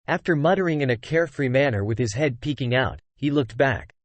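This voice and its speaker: A man's voice: mid-range voice, expressive, brisk, few pauses, dry recording. A computer-generated man's voice narrating a fantasy novel, reading punctuation marks aloud. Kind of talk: text-to-speech novel narration.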